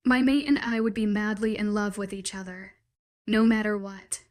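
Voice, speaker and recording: A woman's voice: medium pitch, steady tone, moderate pace, darkish tone, natural voice. A woman reading the lines of a possessive young male werewolf, pleading with intense declarations. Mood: earnest pleading.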